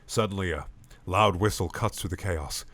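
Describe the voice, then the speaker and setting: A man reading a comedic parody story aloud with lively comic narration. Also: low voice, moderate pace, no echo. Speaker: reader.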